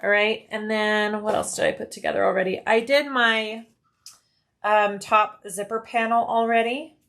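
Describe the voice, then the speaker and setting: A woman's voice: medium pitch, steady tone, normal speed, creaky, fairly bright tone. A middle-aged woman hosting a casual livestream as she sews, chatting, explaining each step and reading out viewer comments. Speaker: live stream host. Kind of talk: casual livestream chat while sewing.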